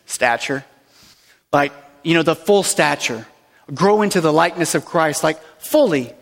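A pastor with a high-pitched voice preaches from the front of a church sanctuary, his words echoing through a long, reverberant hall. He teaches in a playful, conversational way with warm-hearted asides, sounding expressive and a little slow, with some vocal fry.

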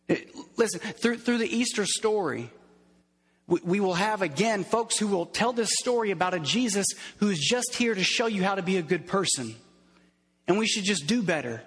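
A husky, fairly high-pitched man preaches with earnest repetition. His voice rings out with a long reverb through a church hall. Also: fairly bright tone. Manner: earnest, repeats phrases for emphasis. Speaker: pastor. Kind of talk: sermon.

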